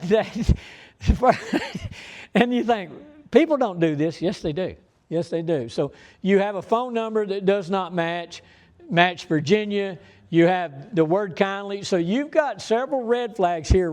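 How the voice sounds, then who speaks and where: A man's voice: high-pitched, darkish tone. Man, folksy, emphatic, informal presentation, meeting room audience. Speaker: bank fraud manager presenting to business owners.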